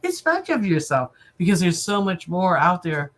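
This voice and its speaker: A woman in her sixties, an animal communicator guest on a livestream, telling stories in a lively way and acting out little dialogues. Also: fairly low pitch, moderate pace. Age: 60s. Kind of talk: casual livestream interview. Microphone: video call.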